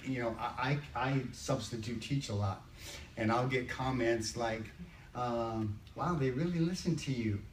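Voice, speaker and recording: An older man leading a Bible study group, chatting conversationally and slowing down to read scripture. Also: mid-range voice. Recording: roomy, distant mic, faint background noise.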